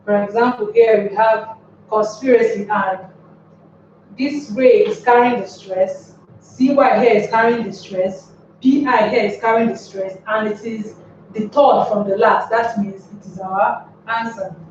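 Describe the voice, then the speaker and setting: A woman teaching an English lesson on word stress, explaining step by step and repeating words slowly. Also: medium pitch, steady tone, a little mellow, a little hiss or hum. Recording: very echoey room, far from mic, dull.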